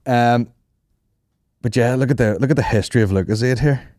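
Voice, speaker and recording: A man's voice: mid-range voice, a little fast, darkish tone, no room sound, studio quality. A young man, hosting a podcast and telling rambling, profane comic stories with frequent laughs. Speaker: podcast host. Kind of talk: casual comedic storytelling.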